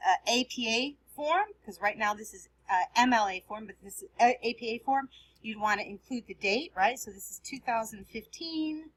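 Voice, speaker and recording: A woman's voice: fairly high pitch, lively intonation, normal speed, a bit bright, rough recording. A woman teaching writing, patiently explaining punctuation step by step as she edits on screen. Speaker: writing instructor. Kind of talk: screen-recorded writing lesson.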